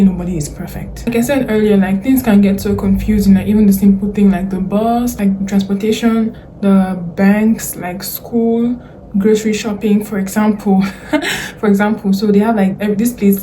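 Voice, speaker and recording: A woman's voice: mid-range voice, fairly even intonation, normal speed, mellow, slight background noise. A young Nigerian woman with a Nigerian accent, giving chatty, earnest advice in a casual vlog, full of fillers and slang. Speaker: vlogger.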